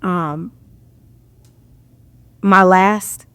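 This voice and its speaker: A woman's voice: on the low side, steady tone, extremely slow, fairly bright tone, clean tone. A woman guest on a podcast telling a personal story, speaking candidly and reflectively.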